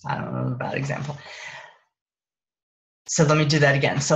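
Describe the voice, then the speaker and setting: A woman with a low voice gives a casual parenting talk over a phone mic. She thinks out loud, stops to rephrase, and keeps a relaxed, conversational flow. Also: a little fast, vocal fry, poor audio. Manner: conversational, thinks aloud and corrects herself. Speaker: parenting coach. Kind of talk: casual teaching talk on a live stream.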